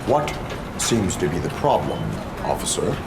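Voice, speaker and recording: A man's voice: low voice, sing-song, normal speed, background noise. An actor playing a stern male cyborg police officer, speaking in a clipped, formal, emotionless way. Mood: flat.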